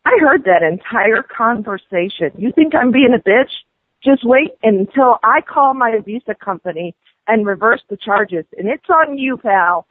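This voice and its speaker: A woman's voice: a little high, animated, unhurried, dry recording. A woman venting angrily on a phone call about a repair, indignant and ranting. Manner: indignant, ranting, escalating to shouting. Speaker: prank call target. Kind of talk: angry phone complaint. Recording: tinny phone line.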